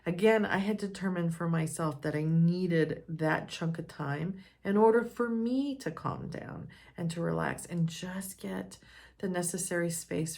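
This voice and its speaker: Candid woman, low voice, personal story talk. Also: gravelly, a little mellow. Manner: earnest, candid, measured. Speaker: speaker on personal growth.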